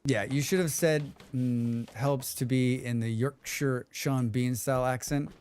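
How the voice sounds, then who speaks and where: A man's voice: mid-range voice, unhurried, a little hiss or hum. A man streaming a game, chatting with his viewers in a joking, rambling way and humming to himself. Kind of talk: casual livestream chat.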